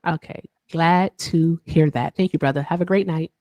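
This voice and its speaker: A woman's voice: low-pitched, moderate pace, a little mellow, dry recording. A woman hosting a casual livestream, chatting with guests and viewers, laughing often and trailing off. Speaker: livestream host.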